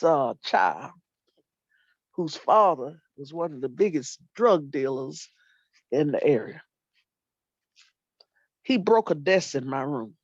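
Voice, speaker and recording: An older woman, a retired teacher and librarian, telling animated stories about her students in casual talk and acting out what people said. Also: sits low, no room sound. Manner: animated storyteller, acts out quotes, folksy Southern phrasing. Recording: dull lo-fi dry sound.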